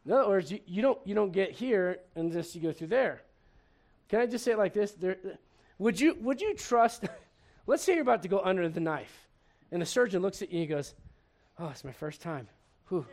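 A male pastor from Puerto Rico preaching a sermon, animated and joking, often restarting sentences and acting out little scenes. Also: high-pitched, fairly quick.

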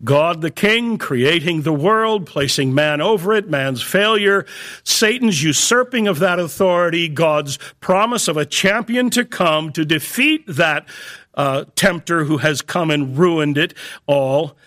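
Man preaching a measured sermon. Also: a little high, expressive, a bit bright. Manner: measured, emphatic on key phrases, slows for stress.

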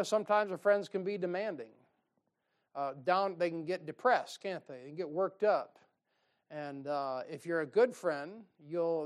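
A man preaches from the pulpit. His delivery is folksy and conversational, full of quick asides and homespun jokes between the scripture readings. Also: high-pitched. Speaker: pastor. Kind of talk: sermon.

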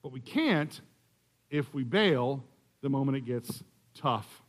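A man's voice: medium pitch, expressive, slow. A man preaching as a guest speaker in a church, explaining a scripture passage in a conversational way with humorous asides. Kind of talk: sermon.

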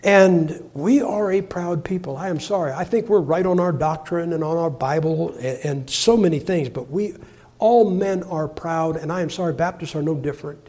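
A man in his sixties preaches with a folksy, joking delivery. His voice sits high for a man, and he drops into quiet asides before breaking out in loud bursts. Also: moderate pace. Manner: folksy, humorous storytelling with sudden loud bursts. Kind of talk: sermon.

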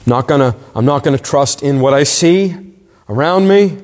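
Man, pastor, sermon, earnest, emphatic, pointed questions, higher voice, reverberant church. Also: darkish tone. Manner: earnest, questioning, emphatic preaching with slowed stresses.

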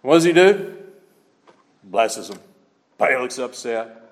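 A man's voice: medium pitch, animated, moderate pace, long pauses, darkish tone. A man preaching a sermon with emphatic, repeated key phrases, in a church. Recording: long hall reverb.

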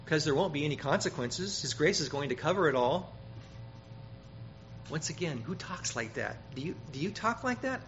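A man preaching a sermon, emphatic, growing loud when he quotes scripture and often repeating words. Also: a little high, very animated, normal speed, soft background music. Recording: dull, slightly noisy sermon recording.

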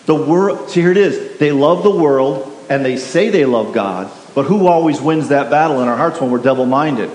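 A pastor preaching a sermon, emphatic and repetitive, putting questions to the congregation. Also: male voice, fairly high pitch, lively intonation, moderate pace, few pauses, darkish tone. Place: church sanctuary. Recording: echoey hall with faint hiss.

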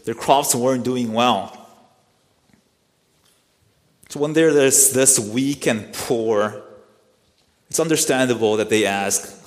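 A man delivers an expository sermon in an earnest, teaching voice of middle pitch. He often poses rhetorical questions to his listeners. His voice carries a long, lingering hall reverb. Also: measured pace. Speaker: pastor.

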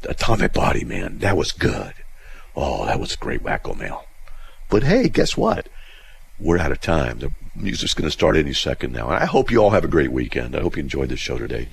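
Sarcastic gravelly radio host, man. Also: fairly quick. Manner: sarcastic, mocking, animated with sudden pitch jumps. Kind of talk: reading and mocking listener mail on radio.

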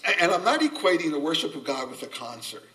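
An older man preaching a sermon, earnest and gently humorous, a self-described subdued speaker. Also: on the high side, very animated, quick pace. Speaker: pastor. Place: church sanctuary. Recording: voice from a distance off the mic.

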